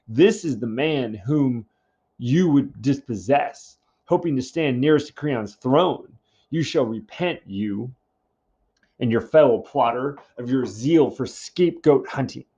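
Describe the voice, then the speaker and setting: A man's voice: mid-range voice, a little mellow, husky. A man reading as a proud, angry king. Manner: reads the translated verse aloud, heated. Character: proud angry male king accusing a seer. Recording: dull lo-fi recording.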